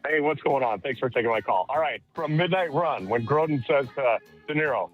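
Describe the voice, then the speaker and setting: A man's voice: medium pitch, animated, brisk, soft background music. A man calling into a radio show and reciting movie quotes. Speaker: caller. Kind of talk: call-in chat. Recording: dull phone-in line.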